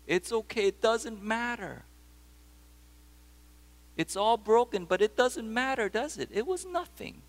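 A man voicing a father who softly reassures his crying son in a sermon story. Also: extremely high pitch, animated, measured pace, long pauses, pitched above the performer's own voice, heavily acted. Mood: soothing. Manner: soft, soothing, reassuring.

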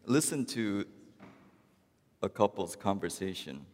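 A man preaching a sermon as pastor, talking to the congregation in a wry, conversational way with long pauses. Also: lowish voice, big pitch swings, a little mellow. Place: church. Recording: long church reverb.

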